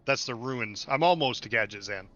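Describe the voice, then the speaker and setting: A man's voice: medium pitch, lively intonation, normal speed, a bit bright, muffled recording. A man hosting a game stream, chatting casually, laughing often and repeating himself. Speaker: stream host. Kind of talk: casual chat while gaming.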